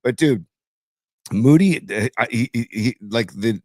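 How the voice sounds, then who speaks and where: A man co-hosting a casual sports podcast, excitedly rambling and saying "dude" a lot. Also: mid-range voice, measured pace, dry recording, clean studio sound. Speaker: podcast co-host.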